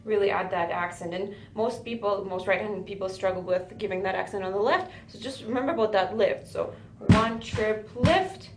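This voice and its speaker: A woman's voice: mid-range voice, fairly quick, few pauses, a little hiss or hum. Patient woman drum teacher, echoey room. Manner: patient, counts beats aloud, says "right?" often. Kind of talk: music lesson for a student. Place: music school room with a drum kit. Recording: echoey room with loud drums. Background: drum playing.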